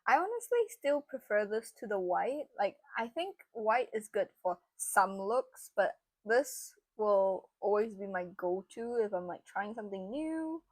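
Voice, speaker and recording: A woman's voice: mid-range voice, sing-song, measured pace, few pauses, no room sound. A young woman narrating a makeup tutorial in a chatty, casual way, with lots of fillers. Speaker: beauty vlogger.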